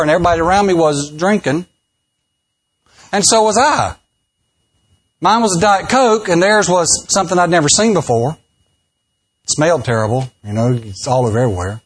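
Joking pastor, a bit high. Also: male voice, husky. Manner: folksy, joking, acts out quoted voices. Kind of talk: humorous sermon storytelling.

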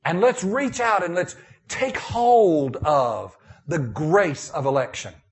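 A man preaching a sermon as pastor, moving between emphatic and hushed tones. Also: on the high side, expressive, slow. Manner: preaching with rising and falling intensity, dropping to a hushed prayer.

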